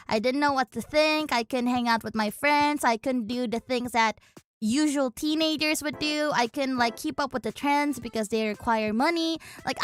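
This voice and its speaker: A young woman chatting casually with her stream audience, rambling and breaking into sarcastic, excitable outbursts. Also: high-pitched. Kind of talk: casual chat.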